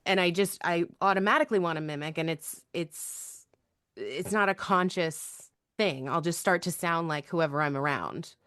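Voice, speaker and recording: A woman's voice: on the low side, moderate pace, a bit bright, no echo, clean studio sound. A woman hosting a podcast, talking in a thoughtful, conversational way. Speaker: podcast host. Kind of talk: casual podcast chat.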